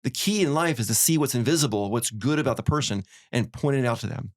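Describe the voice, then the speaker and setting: A man hosting a podcast, chatting casually and acting out little quoted lines as he tells stories. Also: medium pitch. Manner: fast, animated storyteller acting out quotes. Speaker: podcast host. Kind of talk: casual conversation.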